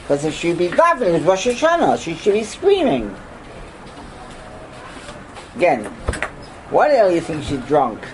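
Animated older man, Torah class lecture, somewhat high for a man, swooping pitch, rhetorical questions, sudden loud outbursts. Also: unhurried, pauses often, background noise. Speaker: rabbi teaching a class.

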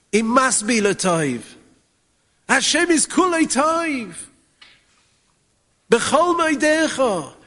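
A man with a Yeshivish English accent teaching Torah, chanting Hebrew verses in a sing-song that swings from hushed to soaring. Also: sits high, big-room sound. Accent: Yeshivish English with Ashkenazi Hebrew pronunciation. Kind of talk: Yiddish-inflected Torah talk.

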